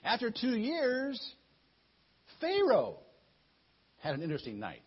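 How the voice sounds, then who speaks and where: A man telling a Bible story in an animated way, often repeating words as he goes. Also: very high-pitched, measured pace, husky. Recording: dull lo-fi recording.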